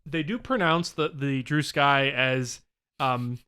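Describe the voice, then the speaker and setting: A man co-hosting a podcast in loose, rambling chat full of ums. His voice is bright and forceful, and clean and resonant in tone. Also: medium pitch, slow pace, clear, resonant tone. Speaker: podcast co-host. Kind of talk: casual chat.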